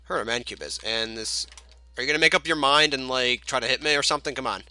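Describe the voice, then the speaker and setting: A man giving excitable let's play commentary, swearing and yelling at enemies, with jokey muttered asides. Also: mid-range voice, quick pace, clean tone. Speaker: gamer. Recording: loud game noise under voice.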